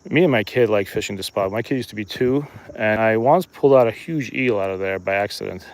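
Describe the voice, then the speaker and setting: Streaming from a riverbank, an easygoing fisherman with a fairly low voice talks straight to his viewers as he fishes. His casual, chatty commentary moves along fairly quickly.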